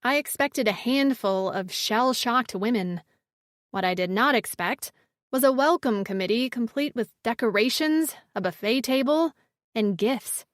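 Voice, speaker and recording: A woman narrating a first-person fantasy audiobook in a measured storytelling manner. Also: a little high, no echo, studio quality.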